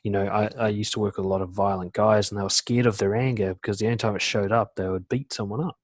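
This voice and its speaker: A man coaching in a casual webinar talk, full of "you know" and "like", acting out quoted lines in lively voices. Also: on the low side, quick pace, dry recording. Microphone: computer mic on a video call.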